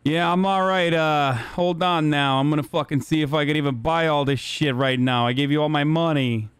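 A man streaming a game live, profane and excitable, talking to his chat and to other players. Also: fairly high pitch, moderate pace, clean tone, no echo.

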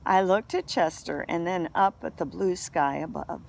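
A woman reading a children's novel aloud in a steady, unhurried way. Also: on the low side, creaky, slight background noise. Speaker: reader.

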